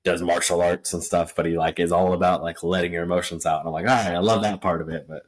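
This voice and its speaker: Deep-voiced man, very casual. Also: flat delivery, quick pace. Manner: casual, heavy use of "like," some swearing. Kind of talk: casual chat.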